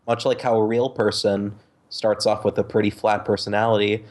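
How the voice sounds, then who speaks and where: A lower-voiced man chatting on a casual podcast. He is sardonic and profane, and he stops often for ums and uhs. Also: little pitch movement, moderate pace, darkish tone. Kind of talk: casual group podcast chat.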